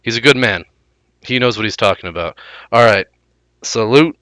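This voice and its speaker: A man's voice: fairly low pitch, lively intonation, normal speed, fairly bright tone, dry recording. A man hosting a gaming video in casual commentary, sarcastic and offhand about himself. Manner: sarcastic, offhand, self-deprecating.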